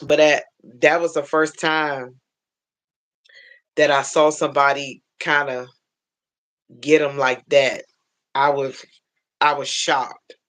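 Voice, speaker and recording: A woman hosting a casual livestream on her phone, chatting warmly with viewers she calls baby and honey, greeting each one by name. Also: low voice, little pitch movement, slow pace, pauses often. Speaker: livestream host.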